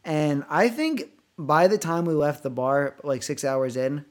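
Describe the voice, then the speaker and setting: A man with a high-pitched voice tells a long party story in loose podcast banter. He rambles, swears freely and piles on detail, with a faint New tinge to his speech. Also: measured pace. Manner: animated, swearing, rambling anecdotes. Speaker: podcast co-host. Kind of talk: casual storytelling chat.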